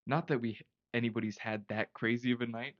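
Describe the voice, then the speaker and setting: A man's voice: medium pitch, fairly even intonation, a little fast, no room sound, lo-fi sound. A young man in his twenties co-hosting a casual podcast with his father, easygoing and agreeable, laughing readily. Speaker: podcast co-host, son. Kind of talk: casual chat.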